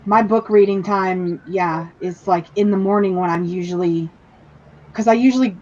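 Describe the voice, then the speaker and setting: A woman's voice: mid-range voice, moderate pace, warm tone. A woman guest on a group call, talking things through at length with many fillers. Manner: thoughtful, rambling with "like" fillers. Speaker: guest in writing group stream. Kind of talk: casual chat. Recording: dull lo-fi call audio.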